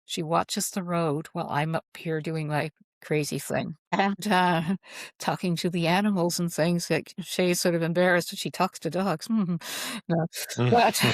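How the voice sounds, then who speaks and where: A woman, a guest author, telling heartfelt stories in a rambling, halting way with frequent restarts. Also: on the low side, steady tone, no room sound. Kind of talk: casual interview storytelling. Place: at home.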